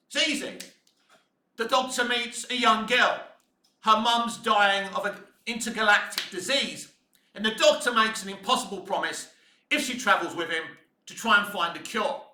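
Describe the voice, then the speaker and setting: A man delivering a profane, ranting video commentary, swinging between low muttering and shouting. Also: normal speed, reverberant. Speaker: fan commentator.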